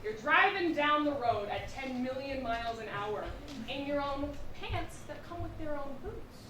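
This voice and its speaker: A young woman performing a stand-up comedy set on a theatre stage, telling animated stories with asides to the crowd. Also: high voice, moderate pace, far from the mic. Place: theatre stage with a live audience. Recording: roomy hall recorded from afar, noisy.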